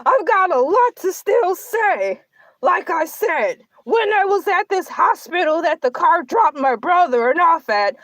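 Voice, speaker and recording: A woman's voice: very high-pitched, no room sound. A woman voicing a boastful, self-pitying male shark who hosts a comedic livestream and rambles through melodramatic complaints. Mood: determined. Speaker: livestream show host in character. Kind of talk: comedic character livestream monologue.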